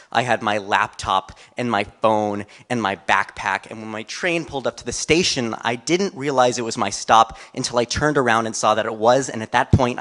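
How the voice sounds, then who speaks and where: A man's voice: medium pitch, a bit bright. A man in his twenties, a college student, telling a casual personal story on stage.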